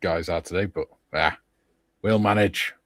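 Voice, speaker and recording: A man's voice: deep voice, steady tone, unhurried, fairly bright tone, no echo, studio quality. A man hosting a casual video-call chat, easygoing and jokey, talking about his weekend and his hobby. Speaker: host.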